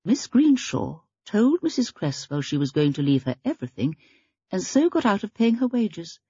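A woman's voice: medium pitch, big pitch swings, normal speed, dark tone, breathy edge, dry recording, highs cut off, voice pushed up. A woman voicing a shrewd, genteel elderly spinster with a prim, murmuring, thoughtful manner. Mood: musing. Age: older.

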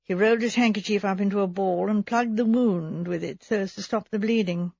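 Brief: woman audiobook narrator, measured and husky, dry, slightly dull sound. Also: medium pitch, a little mellow, no echo. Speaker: audiobook reader. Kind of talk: scripted narration.

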